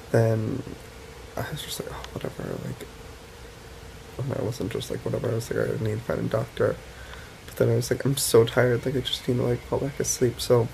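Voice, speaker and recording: A man's voice: mid-range voice, creaky, darkish tone, a little hiss or hum, low-quality recording. A young man talking casually to his vlog camera, chatty and rambling with lots of fillers. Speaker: vlogger.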